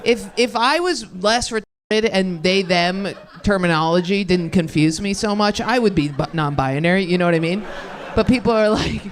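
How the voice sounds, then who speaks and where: A woman's voice: mid-range voice, normal speed. A young woman doing a stand-up set on a club stage, rambling and self-deprecating, laughing mid-sentence and losing her thread. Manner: loses her thread, many fillers and restarts. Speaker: stand-up comedian.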